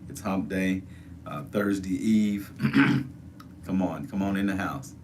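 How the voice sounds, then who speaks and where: A man's voice: deep voice, slow pace, slight background noise. A man hosting a casual livestream, repeatedly urging viewers to join the chat and give thumbs up. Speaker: livestream host.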